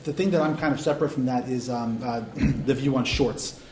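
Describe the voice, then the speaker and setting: A man's voice: mid-range voice, a little fast, a little mellow, slight background noise. A man in a casual group chat, speaking hesitantly with many fillers. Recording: roomy echoey room.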